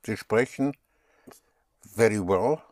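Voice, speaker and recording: Slow, patient male German teacher. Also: lowish voice, darkish tone. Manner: patient, spells out words and repeats them. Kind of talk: slow language lesson.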